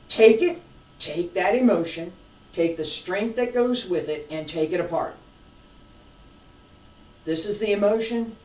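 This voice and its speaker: A martial arts instructor teaching a live class, emphatic and repetitive, swinging between loud and hushed. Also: mid-range voice. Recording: roomy sound from a distant mic.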